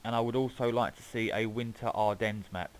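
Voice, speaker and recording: A man's voice: on the low side, steady tone, fairly quick, poor audio. A man giving casual, rambling gameplay commentary as he flies around a map, swearing now and then. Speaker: gaming YouTuber.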